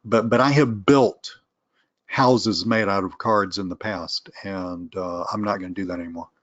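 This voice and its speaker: A middle-aged man with a lowish voice hosts a casual live webinar Q and A, thinking aloud through rambling answers full of restarts and candid asides. The sound is dry and a little dull, like lo-fi webinar audio. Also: steady tone, moderate pace, a bit bright, dry recording. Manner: candid, self-aware asides. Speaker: webinar host answering viewer questions.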